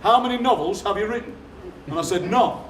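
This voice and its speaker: A man, telling comic stories to a live theatre audience in a deadpan way. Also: high-pitched, fairly quick, a little hiss or hum. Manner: deadpan anecdotes, acting out other people's lines. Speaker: poet performing on stage. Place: theatre stage. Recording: roomy hall from a distance. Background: audience laughter.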